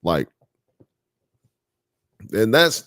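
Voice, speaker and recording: A man's voice: fairly low pitch, very animated, very slow, a bit bright, no echo, clean studio sound. A man hosting a live show, telling a story in casual chat, full of "you know" and "blah blah," and growing emphatic when worked up.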